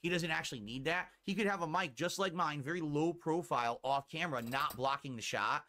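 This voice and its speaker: Bright-voiced brash male streamer. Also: fairly high pitch, brisk. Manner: brash, profane bragging. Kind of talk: casual stream chat.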